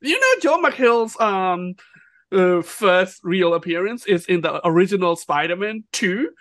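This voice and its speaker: A man's voice: sits high, expressive, unhurried, fairly bright tone. A man co-hosting a podcast in casual chat, joking and laughing often. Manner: jokey, laughs often, does episode recaps. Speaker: podcast co-host.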